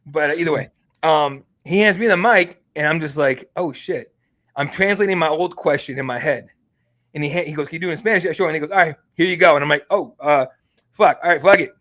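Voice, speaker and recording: A man hosting an MMA podcast, telling a story in a casual, excitable and profane way. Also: on the high side, fast talker. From Mexican heritage. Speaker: MMA podcast host and reporter.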